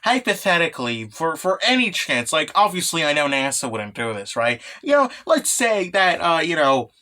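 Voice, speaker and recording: Man playing blunt scheming young woman, crude rambling talk, high lively voice. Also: moderate pace.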